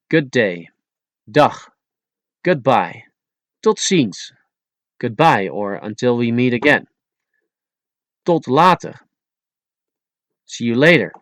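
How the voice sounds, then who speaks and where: Slow, deliberate man reading a lesson. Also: mid-range voice, no echo. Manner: slow, deliberate, spells words out letter by letter. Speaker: audiobook narrator. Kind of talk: scripted language-lesson narration.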